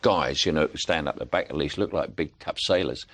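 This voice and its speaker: A man's voice: rumbling low, normal speed, fairly bright tone. A man in his seventies with a Cockney accent, a guest chatting and telling anecdotes with frequent chuckles. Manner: chuckling storyteller, plays voices in anecdotes. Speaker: actor, guest. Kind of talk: anecdotal chat.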